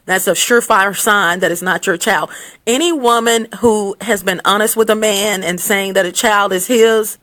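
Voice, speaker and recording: A woman's voice: medium pitch, normal speed, fairly bright tone. A woman vlogging blunt advice to camera in a casual, scolding way, recorded on her phone. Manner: blunt, scolding, with laughs and restarts. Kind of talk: casual unscripted rant to camera.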